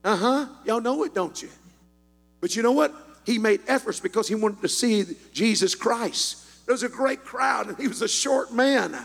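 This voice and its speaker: A man preaching a sermon in a church, swinging from quiet storytelling into shouted, sing-song exhortation. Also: extremely high pitch, normal speed, vocal fry, big-room sound. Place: church sanctuary.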